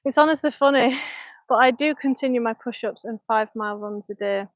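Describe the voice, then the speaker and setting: A woman with a Lancashire accent talks to her viewers while she trains at home, in a slightly high, frank and chatty voice with frequent laughs. The sound is dry and close on a small clip-on mic, with a dull, lo-fi live-stream quality. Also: a little fast, no room sound. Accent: Lancashire English. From North West England. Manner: chatty and frank, laughing often, talking between reps. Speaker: fitness coach and personal trainer. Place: home, indoors.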